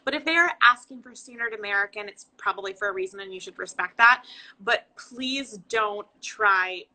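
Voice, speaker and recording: A woman hosting a casual livestream interview over a video call, chatty and quick to agree. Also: medium pitch, sharp tone, low-quality recording. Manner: chatty, frequent agreeing, passionate asides. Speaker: host.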